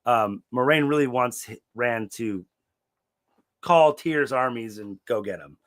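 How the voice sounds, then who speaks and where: A young man co-hosting a book podcast in casual chat, laid-back and swearing freely, acting out quotes with sudden loud yelps. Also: medium pitch, a little slow. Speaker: podcast co-host recapping a book series.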